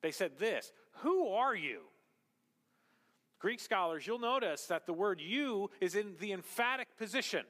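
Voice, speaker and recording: A bright, forceful male pastor preaching a sermon in a church hall, the voice trailing a long reverb. He is emphatic, climbing to loud, high-pitched exclamations and then falling back to quiet, low passages. His voice sits a touch higher than most men's. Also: lively intonation, moderate pace, few pauses.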